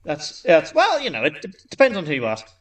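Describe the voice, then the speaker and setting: A man's voice: a little high, huge pitch swings, fairly quick. A man co-hosting a podcast, telling a long joke in a casual, rambling way with frequent restarts. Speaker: podcast co-host.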